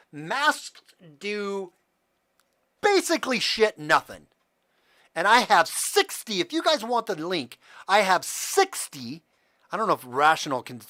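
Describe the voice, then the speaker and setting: A man's voice: a little high, pushed and bright, dry recording. A man hosting a livestream, ranting in heated, profane commentary and talking straight to his viewers. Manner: talks to the chat directly. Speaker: livestream host.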